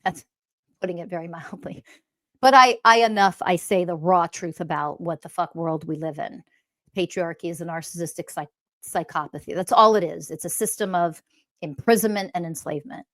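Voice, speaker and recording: A woman's voice: on the low side, moderate pace. Blunt, profane woman teacher. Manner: mocks others in quoted voices. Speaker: spiritual teacher. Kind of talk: monologue.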